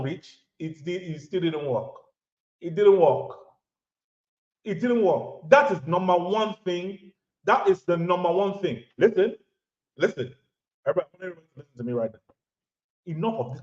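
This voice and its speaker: A man in his thirties or forties from Nigeria, with a Nigerian accent, lecturing viewers emphatically and repeating lines for stress. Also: on the high side. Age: 30s to 40s. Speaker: vlogger giving relationship advice. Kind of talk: lecturing monologue to camera. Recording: roomy, dull lo-fi audio.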